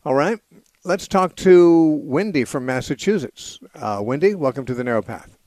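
A man hosting a call-in radio show, explaining scripture in a measured, patient way with frequent "uh" pauses. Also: fairly high pitch, animated, warm tone, no echo. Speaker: radio call-in host and Bible teacher. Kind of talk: unscripted call-in radio teaching. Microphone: studio microphone.

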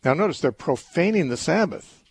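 A middle-aged man hosting a call-in radio show, calmly reasoning through a Bible question with everyday examples. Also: a little high, normal speed, creaky, slightly rough. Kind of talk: call-in Bible teaching talk.

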